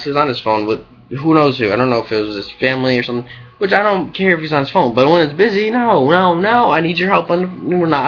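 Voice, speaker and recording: A man's voice: a little high, a bit bright. A young man who works as a cook, venting to his webcam in a rambling, frustrated way, full of "like" and "you know". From United States. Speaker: restaurant cook. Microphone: webcam mic. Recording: dull lo-fi webcam audio.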